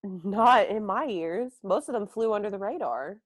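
A woman's voice: mid-range voice, normal speed, dry recording. A woman in casual podcast chat, playful and wry, recorded on a dry close microphone. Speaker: podcast co-host. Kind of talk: casual chat about a movie.

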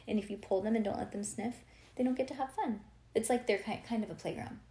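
A woman's voice: a little high, quick pace, warm tone, roomy sound. A woman reading a children's chapter book aloud to a child, breaking off for casual chatty asides. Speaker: reader to a child.

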